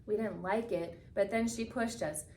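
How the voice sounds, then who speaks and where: A woman reading a picture book aloud with expressive storytelling, slowing down for the solemn moments. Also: medium pitch. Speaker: reader. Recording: echoey room from a distance.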